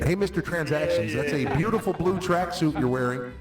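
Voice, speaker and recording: A man with a smooth radio voice, pitched a little high, fires off theatrical roast insults in a booming delivery. He sounds distant in an echoey space. Faint music runs underneath. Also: quick pace.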